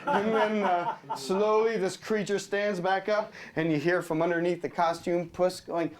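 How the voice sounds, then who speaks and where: A man pitching a storyboard, narrating scenes with laughter and acting out character voices. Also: flat delivery, a little slow, few pauses.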